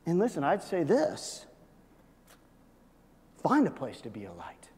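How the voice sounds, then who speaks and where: A man preaching a sermon to his church, swinging between loud, urgent peaks and soft, low asides. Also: huge pitch swings, measured pace. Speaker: pastor. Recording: long reverb of a large hall.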